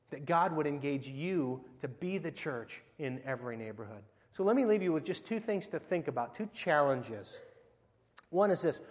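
Conversational male pastor in an echoing hall. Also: fairly high pitch. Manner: conversational preaching, rhetorical questions, animated swings in volume. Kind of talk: sermon. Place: church sanctuary. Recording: long hall reverb.

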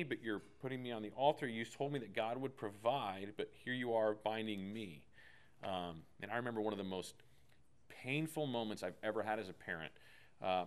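A pastor in his thirties preaching a sermon, telling a personal story in an earnest, emphatic way. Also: fairly low pitch.

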